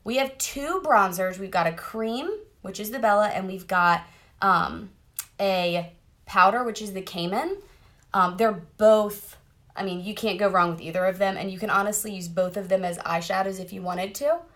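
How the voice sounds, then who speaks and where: A woman's voice: medium pitch, moderate pace, fairly bright tone. Bubbly woman chatting through makeup. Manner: chatty, bubbly, talks straight to viewers. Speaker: makeup seller doing a live demo. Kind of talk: casual live-stream makeup tutorial. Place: parked car.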